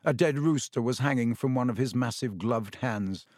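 A man reading a novel aloud in an even, measured narration. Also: medium pitch, no room sound, studio quality. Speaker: audiobook narrator. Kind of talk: scripted narration.

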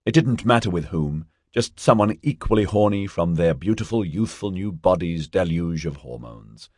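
Male audiobook narrator, deep and husky, expressive delivery, dry booth sound. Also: moderate pace, no room sound. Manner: steady storytelling with lightly voiced dialogue. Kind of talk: scripted narration.

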